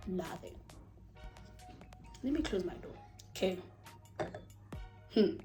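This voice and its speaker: A woman's voice: on the high side, moderate pace, faint music behind. Chatty South African woman telling a story. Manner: animated, chatty, swears freely, trails off. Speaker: vlogger. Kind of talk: casual storytime. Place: her room at home.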